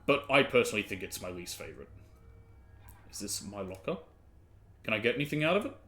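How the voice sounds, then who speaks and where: Lively low-voiced streamer. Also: male voice. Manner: chatty, rambling, quick asides to chat. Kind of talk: casual gameplay commentary.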